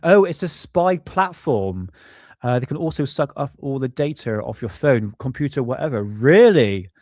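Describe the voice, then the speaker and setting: A man chats loosely on his live stream, rambling, apologizing often and dropping casual swears. His voice sits at a middling pitch, and the sound is dry and close with no room echo. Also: expressive, moderate pace, a little mellow. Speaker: livestream host.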